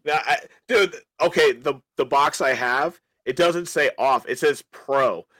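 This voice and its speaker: A man's voice: mid-range voice, a little slow, fairly bright tone, dry recording. A man with a mid-range voice who hosts a podcast, rambling through strong opinions and restarting his sentences as he goes. The recording is dry and close, with no room sound. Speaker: podcast host. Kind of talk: casual podcast chat.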